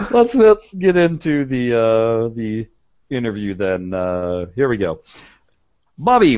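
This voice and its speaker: A man hosting a podcast in casual chat. He is chatty, laughs often and fills his pauses with "uh". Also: lowish voice, a little mellow, no echo, highs cut off. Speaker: podcast host.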